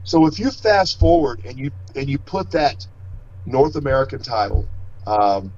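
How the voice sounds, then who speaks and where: A man's voice: mid-range voice, lively intonation, measured pace, a little mellow. A middle-aged man, a wrestler being interviewed, telling stories in a rambling way and often restarting his sentences. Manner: rambling, self-correcting, storytelling. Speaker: wrestler and guest. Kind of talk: casual interview talk. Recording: slightly dull lo-fi audio.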